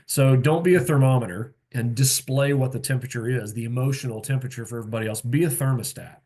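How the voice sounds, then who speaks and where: Man, pastor mentoring young pastors on a video call; middle-pitched, casual teaching tone, lots of fillers. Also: fast talker. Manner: relaxed and plain-spoken, with frequent fillers and asides. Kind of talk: conversational teaching talk.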